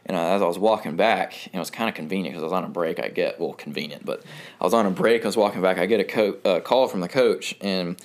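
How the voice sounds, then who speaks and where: A man's voice: low voice, quick pace. A man in his twenties from North Carolina, a guest telling his story in casual talk, rambling with fillers and frequent laughs. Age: 20s.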